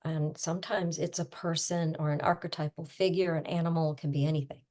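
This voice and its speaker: A middle-aged woman coach talking casually, explaining with everyday images and quick asides. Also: sits low, steady tone, a little mellow. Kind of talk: casual conversational teaching.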